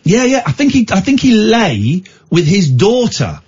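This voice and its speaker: Male radio host, jokey and teasing, husky, lively pitch. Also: measured pace, dull audio. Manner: teasing, mock-exasperated, jokey. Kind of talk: casual radio banter.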